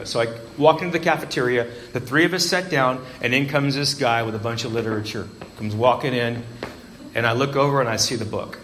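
A man's voice: mid-range voice, quick pace, a little hiss or hum, rough recording. Man telling a wry recovery story. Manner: wry, self-mocking storytelling with dark jokes. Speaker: recovery meeting speaker. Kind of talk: personal recovery story told to a live audience. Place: meeting hall with an audience.

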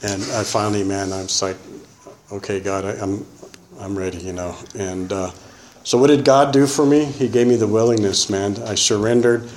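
A man's voice: lowish voice, normal speed, darkish tone, reverberant, slight background noise, rough recording. A man sharing his recovery testimony in a rambling, casual way, full of "man" and "you know". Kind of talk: personal testimony.

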